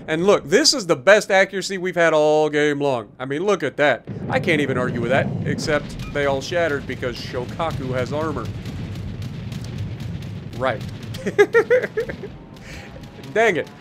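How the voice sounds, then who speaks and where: A man's voice: fairly high pitch, moderate pace, music in the background. A tired man in casual gameplay commentary, explaining his moves and joking about his mistakes as he plays. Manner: casual, self-deprecating, explanatory. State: tired, yawning. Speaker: gaming YouTuber.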